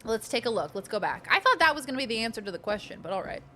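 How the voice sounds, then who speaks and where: A woman's voice: a little high, very animated, rapid-fire, bright, forceful tone, a little hiss or hum. A woman streaming a video game, chatting casually and reading the game's text aloud with jokey asides. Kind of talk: casual let's-play chat.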